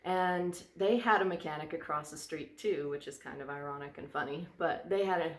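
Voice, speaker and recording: A woman's voice: sits low, moderate pace, echoey room. A woman vlogger chatting casually, rambling and drifting onto tangents. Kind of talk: casual chat. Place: indoor room by a fireplace.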